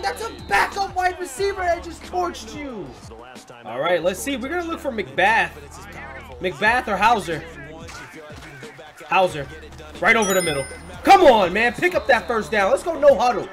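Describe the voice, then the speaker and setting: High, lively young man yelling at a game. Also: normal speed, pauses often, over music. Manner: excitable, swearing, yelling at the game. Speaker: gaming commentator. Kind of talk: let's play commentary.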